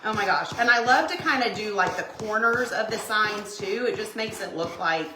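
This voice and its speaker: A middle-aged woman hosting a crafting livestream, chatting excitedly with viewers as she works. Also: medium pitch, moderate pace, crowd noise. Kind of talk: casual live chat while crafting. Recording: echoey room.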